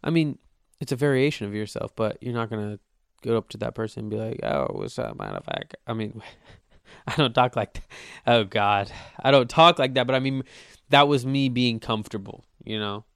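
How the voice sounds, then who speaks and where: A man's voice: medium pitch, brisk, a bit bright, clear, resonant tone, no room sound, studio quality. A young man hosting his own podcast, rambling casually and swearing, joking at his own expense. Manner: rambling, profane, self-mocking. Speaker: podcast host. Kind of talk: casual solo podcast monologue.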